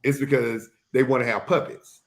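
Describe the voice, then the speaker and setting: Man, podcast host, blunt and teasing, casual talk, mid pitch. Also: steady tone, moderate pace. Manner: blunt, teasing, reads out viewer comments. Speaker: CDL instructor, podcast host.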